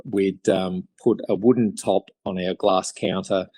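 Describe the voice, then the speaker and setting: A man's voice: low voice, fairly even intonation, unhurried, dark tone, breathy edge, no room sound. A middle-aged Australian man telling stories in a podcast interview, rambling with many fillers and restarts. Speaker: guest chairmaker.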